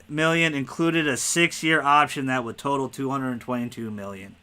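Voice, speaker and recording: A man hosting a casual spoiler podcast, talking excitedly and rambling, cursing freely. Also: medium pitch, normal speed, smooth. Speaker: podcast host.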